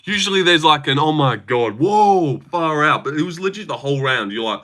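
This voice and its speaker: This young man's voice sits on the high side, and he moves at a moderate pace with hardly any pauses. With an Australian accent, he hosts a casual livestream, reading comments in excitable, profanity-laced banter.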